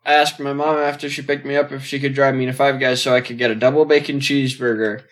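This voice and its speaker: A man co-hosting a casual group podcast with blunt, deadpan remarks. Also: mid-range voice, fast talker. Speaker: podcast co-host.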